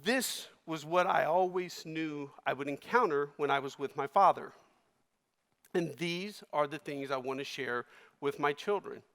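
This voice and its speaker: A man giving a keynote speech, telling a personal story with emotion, his voice swinging between loud and hushed. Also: a little high, measured pace. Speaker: keynote speaker. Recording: long reverb of a large hall.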